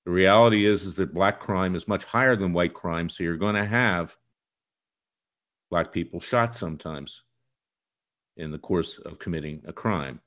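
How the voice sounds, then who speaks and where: A man hosting a political monologue, talking in a combative, accusatory and emphatic way. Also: low-pitched. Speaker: political commentary host. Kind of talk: direct-to-camera political monologue.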